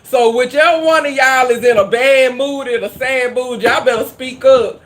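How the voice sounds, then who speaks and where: A woman's voice: sits high, moderate pace. Woman host, chatty and folksy with viewers, casual live-stream talk. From Louisiana. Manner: chatty and folksy, heavy Southern slang. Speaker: cooking channel host.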